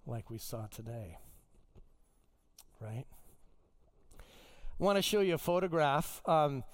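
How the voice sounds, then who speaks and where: A man preaching a sermon as pastor, telling stories with wide swings in pitch and loudness. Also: clean tone.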